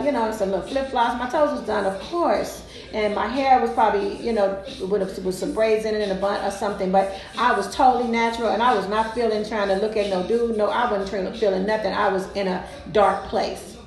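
A woman's voice: mid-range voice, roomy sound, rough recording. A woman casually telling a personal story, emphatic and colloquial, often repeating herself.

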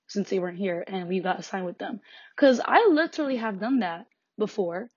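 A teenage girl, a high school student, venting about school in a frustrated, sarcastic rant, swearing and laughing between lines. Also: brisk, a little mellow, slightly rough, no echo, dull audio. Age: teens.

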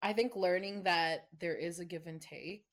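A woman's voice: on the low side, normal speed. A young woman co-hosting a casual podcast, teasing and thoughtful in turn. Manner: teasing, thoughtful, laughs often. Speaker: podcast co-host.

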